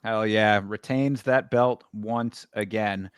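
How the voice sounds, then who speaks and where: A man's voice: on the low side, fairly even intonation, slow pace, clean tone, dry recording, studio quality. A man co-hosting a casual fight breakdown, easygoing and agreeable, with many hedges. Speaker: co-host.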